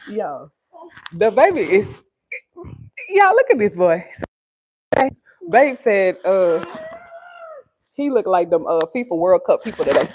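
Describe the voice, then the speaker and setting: A woman's voice: big pitch swings, measured pace, long pauses, a little mellow, a little hiss or hum. A woman from Texas hosting a casual livestream from home on her phone. She talks straight to her viewers in an earnest, preachy way. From Texas, USA. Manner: high sing-song baby talk to her child. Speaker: livestream host.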